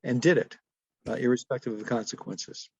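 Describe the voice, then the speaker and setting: A man's voice: medium pitch, brisk, slightly rough, no room sound. A man in his seventies, a guest in an interview, telling stories and laughing often as he talks. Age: 70s. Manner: storytelling, quotes others in acted voices, laughs often. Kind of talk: conversational interview.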